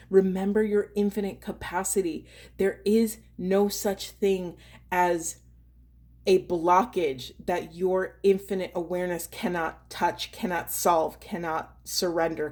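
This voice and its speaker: A woman, a spiritual coach, doing an intuitive card reading in an earnest, slow and emphatic way, pausing to feel for her words. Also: lowish voice, fairly even intonation, a little mellow.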